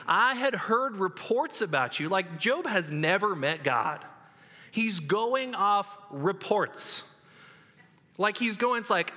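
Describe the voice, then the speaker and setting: Male pastor preaching, jokey and animated, echoey church hall. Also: sits high, unhurried. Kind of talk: sermon.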